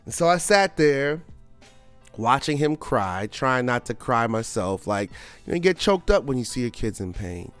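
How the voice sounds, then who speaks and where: A podcast host tells a family story in an animated, chatty way, packed with fillers. His mid-range voice is clear and resonant, at normal speed, with soft background music.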